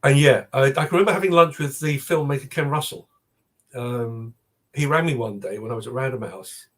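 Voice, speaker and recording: Older guy, husky, rambling stories with lots of ums. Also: medium pitch, fairly quick, a bit bright. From South London. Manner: anecdotal, hesitant with many ums. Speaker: literary agent guest. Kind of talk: casual interview chat.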